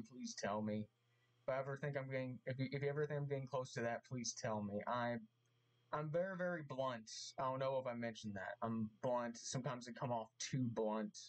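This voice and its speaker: In an earnest apology vlog, a man with a mid-range voice speaks haltingly, repeats himself, and grows emotional. He's wearing a mask and filming on camera, and the recording is rough.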